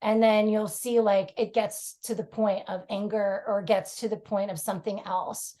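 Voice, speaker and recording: A woman's voice: medium pitch, fairly even intonation, normal speed, warm tone. A woman comedian with a New York accent, chatting frankly on a podcast with lots of fillers and laughter. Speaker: comedian guest. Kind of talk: casual podcast chat.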